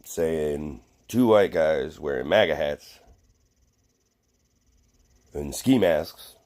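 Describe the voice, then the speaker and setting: Low-voiced man ranting, rambling and profane. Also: drawn-out words, darkish tone. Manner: rambling, profane, lots of fillers and restarts. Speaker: vlogger. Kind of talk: casual rant to camera.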